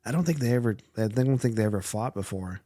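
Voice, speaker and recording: A man's voice: lowish voice, animated, quick pace, mellow, no room sound, clean studio sound. A man co-hosting a podcast, casually recapping comic storylines with lots of fillers. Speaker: podcast co-host.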